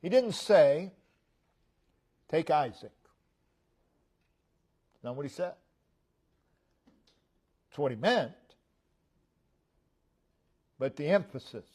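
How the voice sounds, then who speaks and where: Slow, deliberate preaching man. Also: lively intonation, slightly rough. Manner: slow, deliberate preaching, dropping low and soft at phrase ends, rising for emphasis. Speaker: pastor. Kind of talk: sermon. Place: church sanctuary.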